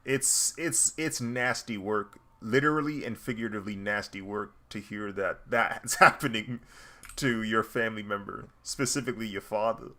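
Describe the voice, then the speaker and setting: A man's voice: on the low side, moderate pace, pushed and bright. A man talking casually while he draws, rambling and laughing often. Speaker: artist streaming while drawing. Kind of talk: casual commentary while drawing.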